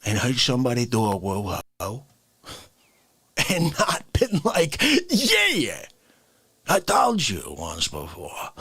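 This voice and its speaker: Man voicing a slow, breathy old crank who rambles and rants in big swings. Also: mid-range voice, voice pushed down, full character voice. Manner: rambling rant, bursts into shouts. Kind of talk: comedic improvised rant.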